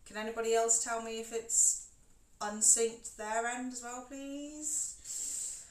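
A woman's voice: a little high, little pitch movement, takes it slowly. A woman chatting to her live-stream viewers while she cooks at home, joking about herself as she moves around the kitchen. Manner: chatty and self-mocking, talks to viewers while moving around. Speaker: cooking streamer. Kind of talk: casual live-stream chat while cooking. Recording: roomy kitchen, far from mic, background noise.

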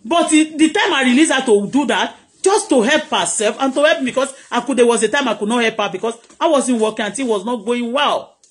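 A woman's voice: a little high, lively intonation, a little fast, hardly any pauses. A middle-aged Nigerian woman vlogger, delivering a heated, preachy live-streamed rant that scolds her critics.

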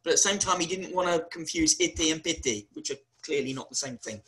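A university lecturer giving a webinar talk, animated and wry, often spelling words out letter by letter. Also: mid-range voice, fast, low-quality recording.

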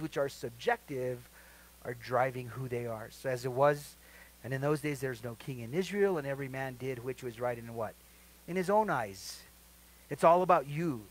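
A middle-aged male pastor leading a midweek Bible study sermon, asking the congregation to fill in verses and swinging between quiet asides and loud emphatic lines. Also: mid-range voice, rough recording. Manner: asks the congregation questions to fill in verses, then answers them.

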